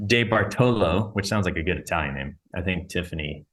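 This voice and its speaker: A man's voice: sits low, lively intonation, brisk, fairly bright tone. A man hosting a podcast in casual chat, joking and self-deprecating. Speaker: podcast host.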